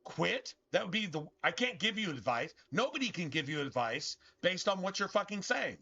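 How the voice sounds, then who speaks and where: A man's voice: high-pitched, sing-song, normal speed, gravelly, sharp tone, husky. A man streaming a game and bluntly lecturing his chat, swearing as he goes. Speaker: gaming streamer. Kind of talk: blunt live-stream rant while playing. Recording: dull lo-fi stream audio.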